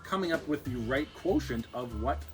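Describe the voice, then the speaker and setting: A man's voice: mid-range voice, animated, normal speed, music in the background, poor audio. A man co-hosting a casual beer-tasting chat, playful and jokey, explaining with many restarts. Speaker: co-host.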